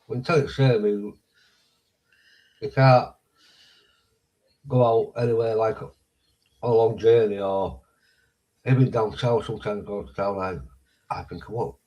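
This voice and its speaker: A man's voice: on the low side, fairly even intonation, measured pace, pauses often, a little mellow, low-quality recording. Blunt man telling stories. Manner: blunt, storytelling, acts out exchanges, swears. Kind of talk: casual chat.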